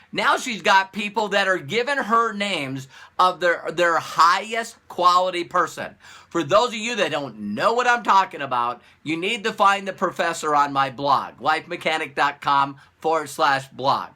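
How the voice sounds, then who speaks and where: With a voice that sits high and a measured pace, a man coaches on business in a casual motivational talk to camera. He stays animated, repeating phrases and posing rhetorical questions.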